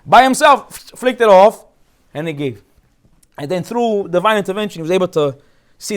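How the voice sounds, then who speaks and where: A rabbi who grew up speaking Hebrew gives a casual, joking Torah talk, telling the story as a lively storyteller who laughs often. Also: male voice, high-pitched, brisk.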